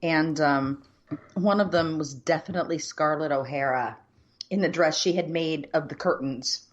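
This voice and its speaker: A woman's voice: low-pitched, normal speed. Wry woman on a dull-sounding mic. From United States. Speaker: podcast co-host. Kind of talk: casual chat.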